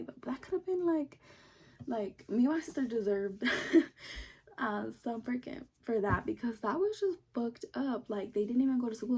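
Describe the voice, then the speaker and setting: Husky, mellow-voiced woman telling a story. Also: medium pitch. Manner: animated, heavy swearing, acts out quotes. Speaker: vlogger. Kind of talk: casual storytime.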